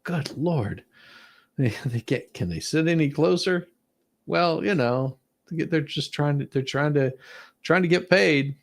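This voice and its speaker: Creaky-voiced man mocking clips. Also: on the high side, unhurried. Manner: mocking, sarcastic, laughs often. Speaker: commentary vlog host. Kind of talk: reaction commentary on video clips.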